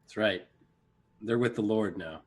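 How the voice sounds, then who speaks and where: A young man co-hosting a live-stream town hall, giving updates in a casual, dry, deadpan way. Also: fairly low pitch, unhurried. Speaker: co-host.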